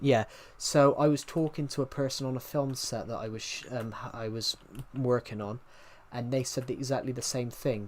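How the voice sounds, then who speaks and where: A young British man with a mid-range voice chats casually on a livestream, with a little hiss or hum in the background. He rambles, restarts often and responds to viewer comments.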